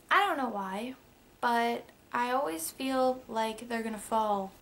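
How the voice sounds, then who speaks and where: A woman's voice: on the high side, a bit bright. A young woman chatting casually through a list of facts about herself, rambling with lots of fillers and asides. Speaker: vlogger.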